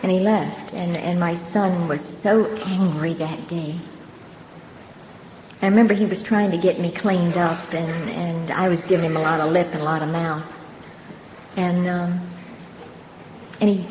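An older woman giving her personal testimony at a recovery meeting, telling her story earnestly and unhurriedly with pauses and soft laughs. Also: on the low side, fairly even intonation. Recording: dull, roomy hall recording with faint background noise.

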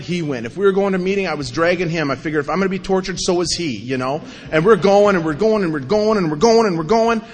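A middle-aged man tells his recovery story with a self-mocking humor, acting out the people he quotes. His voice sits a little higher than most men's. The sound carries the long reverb of a large hall. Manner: animated storyteller, acts out quotes, self-mocking, repeats himself. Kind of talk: recovery meeting talk.

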